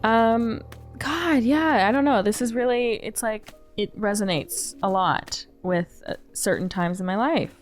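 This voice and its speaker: A woman's voice: a little high, unhurried, faint music behind. A young woman gaming streamer giving casual, earnest commentary, rambling and openly emotional.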